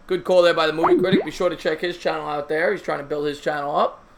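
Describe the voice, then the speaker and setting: A man's voice: fairly high pitch, fairly even intonation, fast, creaky, background noise. A man hosting a live call-in sports talk show, chatty and teasing his callers.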